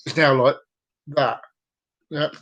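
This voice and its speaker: A man's voice: fairly high pitch, fairly even intonation, slow, a bit bright, muffled recording. A man hosting a casual live-stream vlog, reading out fun facts in a rambling, jokey way and repeating himself. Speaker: vlog host.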